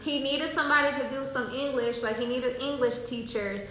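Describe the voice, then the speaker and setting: A woman telling a travel story in a casual, animated way, laughing often and talking about spiritual signs. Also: high-pitched, brisk. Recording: very echoey room with faint hiss.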